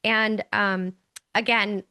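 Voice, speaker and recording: A woman's voice: mid-range voice, flat delivery, slow, pushed and bright, smooth. A middle-aged woman co-hosting a casual podcast, telling stories with lots of fillers and acting out the people she quotes. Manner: chatty storyteller, acts out quoted voices. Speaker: podcast co-host, mother.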